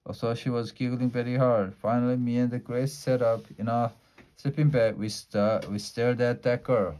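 Man reading a children's storybook aloud. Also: moderate pace. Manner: animated, shifts pitch and loudness for dialogue. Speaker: storybook reader.

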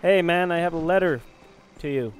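A man's voice: a little high, moderate pace, clean tone. A man giving casual, joking, profane commentary while playing a fantasy role-playing game. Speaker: gaming video host. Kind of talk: casual let's-play commentary.

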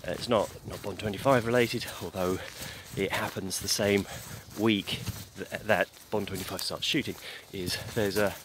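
Male host, lowish voice, breathless uphill outdoor walk, halting fillers, clear outdoor noise around him. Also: fairly even intonation. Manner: halting, many fillers and restarts. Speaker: host of a daily podcast. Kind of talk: casual spoken news update. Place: outdoors on a hill.

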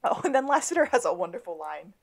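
A woman co-hosts a podcast, casually recapping an episode and performing the characters' lines as she tells it. Her mid-range voice is sing-song and creaky, and she talks quickly.

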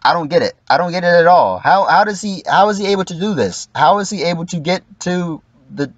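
A man's voice: high voice, expressive, brisk, dry recording, muffled recording. A man giving casual, profane livestream commentary, acting out quoted lines in mock voices.

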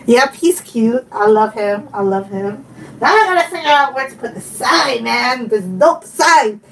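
A woman vlogger chatting casually while unboxing, giggling often and gushing with excitement. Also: a little high, a little slow, recorded from a distance, a little hiss or hum, rough recording. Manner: giggly and gushing, frequent laughter.

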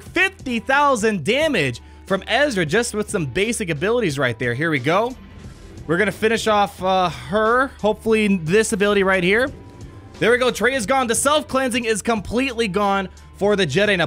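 A man giving excited gameplay commentary on a mobile game, enthusiastic and exclamatory, rambling with frequent restarts. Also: high voice. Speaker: gaming YouTuber.

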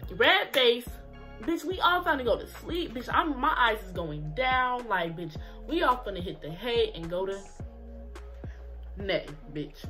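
A woman's voice: fairly high pitch, measured pace. Young woman, storytime vlogger, salty slang-heavy chat, faint music under her. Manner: profane, slangy, animated storytelling. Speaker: YouTuber telling a story. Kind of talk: casual storytime vlog.

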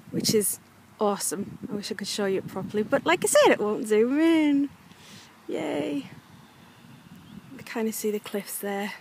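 A woman's voice: a little high, slight background noise. Chatty young woman vlogging on a clifftop walk. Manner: chatty, frustrated, many fillers. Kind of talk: casual vlog narration. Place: outdoors on a coastal clifftop walking a dog.

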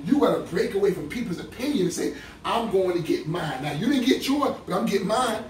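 A man preaching a sermon in a church, repeating his phrases, drawing answers from the congregation and breaking into shouts. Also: high-pitched, lively intonation, brisk. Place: church sanctuary. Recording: echoey room, mic far off.

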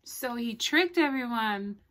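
Librarian lady doing storytime, fairly high voice, keeps asking the kids questions and laughing. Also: lively intonation, takes it slowly, fairly bright tone. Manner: chatty, asks listeners questions and laughs often. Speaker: children's librarian. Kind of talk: reading a picture book aloud to children.

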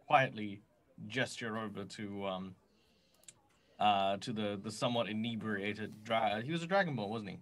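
A man's voice: lowish voice, fairly bright tone. A man playing a tabletop game who describes his character's actions with hesitations. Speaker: player. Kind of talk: tabletop role-play.

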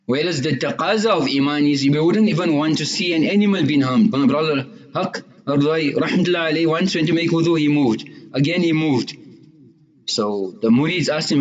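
A man's voice: on the high side, brisk. A man giving an earnest, moralizing sermon, telling a joke story to make a point and sprinkling in religious terms. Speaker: Islamic preacher. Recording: dull lo-fi recording.

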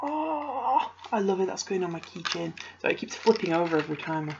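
Excitable young woman unboxing. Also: lowish voice, fairly quick, creaky, noisy background. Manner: excitable, gasping, gushing exclamations. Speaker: vlogger opening a parcel. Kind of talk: casual unboxing chat. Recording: slightly dull home video audio.

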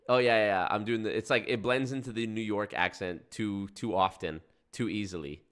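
A young man hosting a casual livestream, reacting to chat in a profane, animated way. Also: on the low side, brisk, hardly any pauses, clear, resonant tone. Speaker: livestream host.

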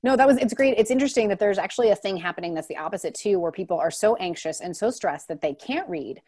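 Fast-talking woman bookstore host. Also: mid-range voice, expressive, a little mellow, breathy edge. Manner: quick, upbeat, reads audience questions. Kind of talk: casual moderated Q&A. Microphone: video call.

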